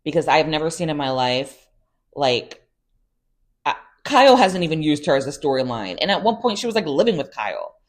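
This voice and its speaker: A woman's voice: sits low, very animated, brisk. A woman hosting a casual reality TV recap, chatty and sassy with exasperated asides.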